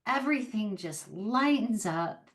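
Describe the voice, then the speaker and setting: A woman guest on a podcast tells her story in a loose, animated way, leaning on fillers as she goes. She speaks at an unhurried pace in a middle-pitched voice. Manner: animated, chatty, many fillers like "like" and "um". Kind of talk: casual storytelling in an interview.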